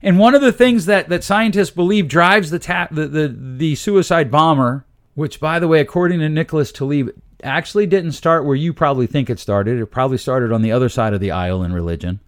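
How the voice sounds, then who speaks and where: A man's voice: fairly high pitch, brisk. A middle-aged man hosting a podcast, talking through parenting ideas in a casual, emphatic way with self-deprecating asides. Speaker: podcast host.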